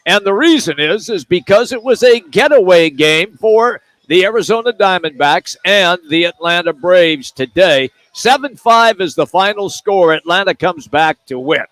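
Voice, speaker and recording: A man's voice: sits high, lively intonation, normal speed, hardly any pauses, a bit bright, dry recording. A man hosting sports radio live from a bar, upbeat and moving the show from segment to segment. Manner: upbeat, steers to the next segment. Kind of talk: casual sports talk.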